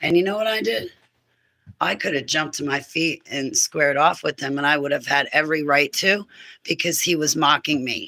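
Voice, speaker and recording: Low-pitched, pushed and bright, a woman in her 50s who speaks on spiritual warfare delivers a casual, meandering monologue on faith. She breaks into laughter and emphatic preaching, and the recording is low quality.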